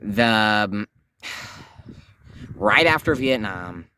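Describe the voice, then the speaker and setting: A man's voice: on the low side, expressive, extremely slow, bright, forceful tone, a little hiss or hum, heavily acted. A man playing a bumbling male news reporter in an amateur comedy skit, rambling in a mock-solemn way.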